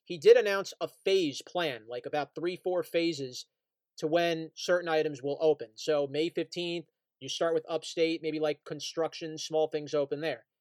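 A man's voice: fairly high pitch, steady tone, normal speed, darkish tone, dry recording. Upbeat man chatting sports, dry close sound. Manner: reads out news items, laughs easily. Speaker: podcast co-host. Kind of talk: casual sports chat.

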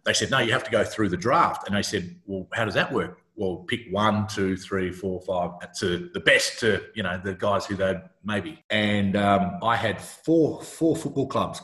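Low-voiced Australian man telling stories in a roomy space. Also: normal speed, hardly any pauses. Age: middle-aged. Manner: animated storyteller who acts out quoted voices, restarts often. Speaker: retired footballer guest. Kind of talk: casual interview storytelling. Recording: roomy echo.

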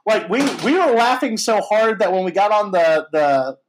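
A man in his thirties hosting a casual chat, telling a story in a lively, animated way with lots of fillers and some swearing. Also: high voice, normal speed, a crowd in the background, rough recording. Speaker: podcast host.

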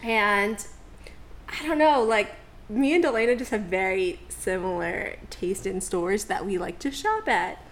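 Speaking in a mid-range voice at a measured pace, this young woman co-hosts a podcast and chats casually. She relates a story full of slang and laughs frequently.

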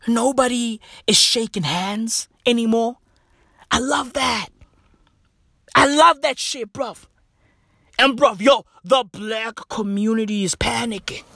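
A woman's voice: on the high side, fairly bright tone, no room sound, clean studio sound. A woman doing a comedic rant, profane and full of slang, hammering points with repetition.

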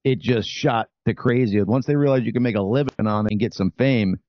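A man co-hosting a casual chat show, talking fast, profanely and with a joking edge. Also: medium pitch, no echo, dull audio. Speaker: podcast co-host.

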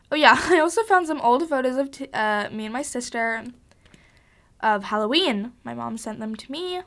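A young woman with a fairly high voice hosts a casual solo podcast, recorded at home in her basement. She rambles and gushes, bubbly and full of fillers and restarts. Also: expressive, moderate pace, fairly bright tone. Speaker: podcast host.

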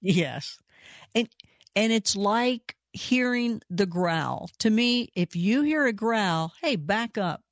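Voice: medium pitch, animated, no echo, clean studio sound. A podcast host in casual conversation, chatty and agreeable. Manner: chatty, agreeable, quick to laugh. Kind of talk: casual interview chat.

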